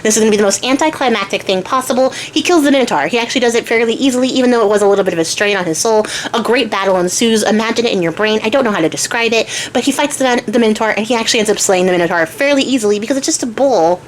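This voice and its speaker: A woman's voice: on the high side, rapid-fire, few pauses, a little hiss or hum. A young woman retelling a myth casually as a craft channel host, chatty and slangy, often stopping to hunt for words. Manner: chatty, slangy, self-interrupting.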